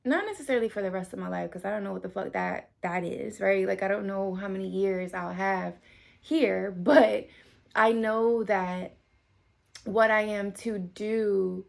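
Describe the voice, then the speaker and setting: A woman's voice: mid-range voice, gravelly, a little mellow. A woman in her thirties giving a casual tarot reading to camera, chatty, full of fillers, and swearing now and then. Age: 30s. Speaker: tarot reader.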